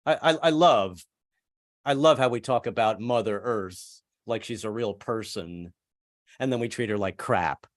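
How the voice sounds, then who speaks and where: A man's voice: on the low side, unhurried, no echo, clean studio sound. A man in his seventies, performing a rambling, self-deprecating stand-up set over a video call from home. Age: 70s. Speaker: stand-up comedian.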